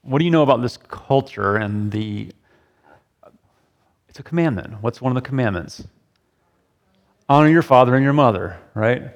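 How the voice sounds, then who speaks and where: Leading a group through a sermon discussion, a middle-aged pastor talks casually at normal speed, pausing for long stretches and often asking "right?" His mid-range voice is expressive, though the audio sounds dull and carries a long hall reverb.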